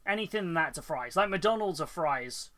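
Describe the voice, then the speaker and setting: British guy rambling on stream, bright voice, a bit high, laughs a lot. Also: expressive, brisk. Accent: British English. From United Kingdom. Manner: chatty, rambling, laughs often. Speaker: Twitch streamer painting miniatures. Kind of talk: casual live-stream chat.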